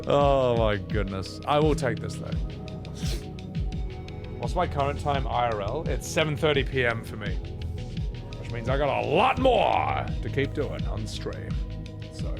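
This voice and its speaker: A man's voice: medium pitch, very animated, unhurried, gravelly, long pauses. A man streaming a game, rambling casually to chat with plenty of swearing, game music behind him.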